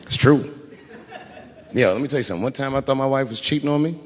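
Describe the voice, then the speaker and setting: A man doing stand-up storytelling, animated and swinging between hushed asides and loud outbursts, recorded in a reverberant live hall. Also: medium pitch, fast. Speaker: stand-up comedian.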